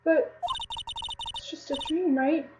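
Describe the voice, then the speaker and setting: A woman's voice: sits high, steady tone, takes it slowly, background noise. Tearful woman voicing a visual novel. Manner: voices every character, chats to viewers between lines. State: tearful, close to crying. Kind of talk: reading game dialogue aloud with voice acting.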